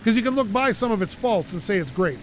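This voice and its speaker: A man's voice: high voice, animated, fast talker, a little hiss or hum. A man hosting his own gaming channel, chatting and ranting in an opinionated way while he plays. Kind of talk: casual gameplay commentary.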